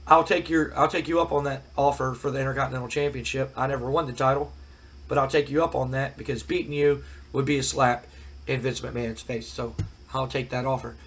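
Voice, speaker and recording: Man putting on a gruff rough-talking wrestler, defiant, cold-cracked voice. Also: mid-range voice, fairly even intonation, brisk, a bit bright, slight background noise, lightly acted.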